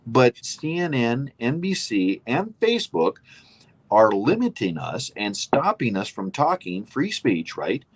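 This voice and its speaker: A man's voice: mid-range voice, huge pitch swings, unhurried, breathy edge. A man co-hosting a casual political chat show, emphatic and opinionated, rambling with restarts. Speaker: co-host.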